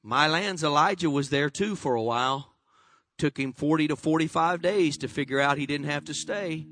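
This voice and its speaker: A man's voice: fairly high pitch, moderate pace. A man pastor delivering an impassioned sermon. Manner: impassioned preaching, dropping to a soft voice in prayer.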